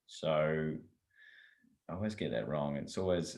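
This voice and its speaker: Slow, low-voiced man in an echoey room. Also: darkish tone. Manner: hesitant, checks himself mid-answer. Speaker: golf podcast co-host. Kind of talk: casual podcast chat.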